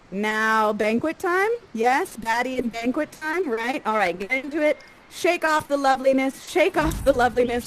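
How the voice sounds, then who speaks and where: A woman coaching actors through a scene, lively and acting out lines for the performers. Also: sits high, normal speed, hardly any pauses, a little hiss or hum, poor audio.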